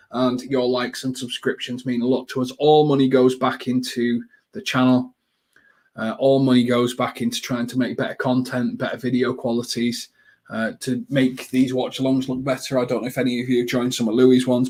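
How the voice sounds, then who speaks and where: This mid-range male voice belongs to the host of a live football watchalong. He chats loosely and ramblingly with viewers, filling pauses with ums and letting out quick excited bursts as the match unfolds.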